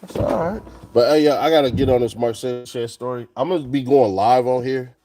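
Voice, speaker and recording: A man's voice: mid-range voice, steady tone, fairly quick, dark tone, a little hiss or hum, low-quality recording. A man vlogging from a car, telling stories in loose, profane slang. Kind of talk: casual chat while driving.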